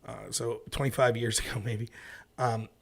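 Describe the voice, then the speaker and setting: A man's voice: medium pitch, level tone, normal speed, gravelly. A man in his thirties hosting a casual commentary show, telling rambling stories with frequent swearing. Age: 30s. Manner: rambling, profane storyteller. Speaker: host.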